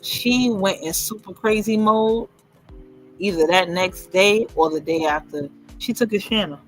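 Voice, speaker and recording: A man's voice: sits high, a little slow, a bit bright, soft background music, rough recording. A man hosting a casual livestream chat, gossipy and laughing often as he acts out what others said. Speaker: host.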